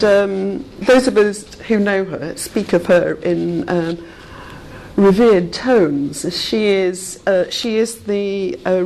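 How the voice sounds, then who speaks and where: A woman giving a conference presentation, speaking in a measured, reflective way and pausing often to find her words. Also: lowish voice, a little mellow, a little hiss or hum, poor audio.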